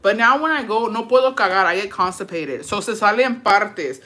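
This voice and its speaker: Bright-voiced, foul-mouthed woman chatting. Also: mid-range voice, expressive, brisk. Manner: crude, profane, laughing storytelling; mixes Spanish words into English. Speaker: content creator reading viewer stories. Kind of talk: casual chat.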